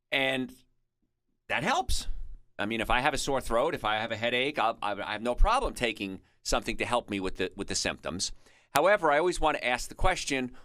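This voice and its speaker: A man's voice: mid-range voice, sing-song, a little fast, pushed and bright, no echo. A man hosting a radio health show, explaining in a chatty way and drifting into stories and asides, recorded on a studio microphone. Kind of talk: conversational radio health talk.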